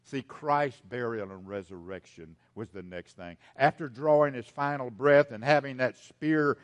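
An older man from the United States preaching a sermon, swinging from loud emphasis to hushed lines and repeating key phrases. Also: medium pitch, unhurried.

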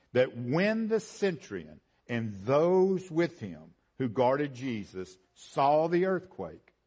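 In this sermon, the preacher alternates emphatic, climbing build-ups with quiet low passages, and he repeats phrases to drive his points home.

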